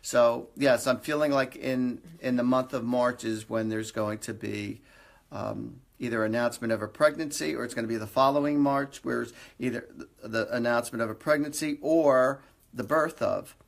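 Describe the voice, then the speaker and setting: A man's voice: medium pitch, moderate pace, vocal fry. A man hosting a live stream, giving psychic readings in a rambling, conversational way with lots of fillers. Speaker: psychic medium host.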